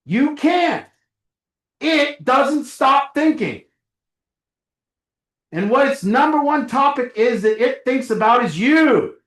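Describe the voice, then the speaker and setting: A very high-pitched, animated middle-aged man takes it slowly, pausing often, his fairly bright voice reverberating through a meeting room. He's giving a casual motivational talk to a small recovery group, acting out brief dialogues and chuckling.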